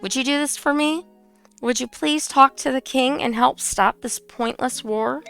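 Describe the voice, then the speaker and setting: A woman with a hoarse voice reading out the lines of an earnest young woman general who pleads for peace. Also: sits high, measured pace, fairly bright tone, faint music behind, exaggerated voice. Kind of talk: reading game dialogue aloud.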